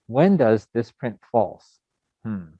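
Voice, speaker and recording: A middle-aged man from the United States teaching a programming lesson in a relaxed, rambling way with many fillers. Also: lowish voice, slow, husky, dry recording. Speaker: programming instructor. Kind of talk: recorded coding lecture. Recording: dull lo-fi sound.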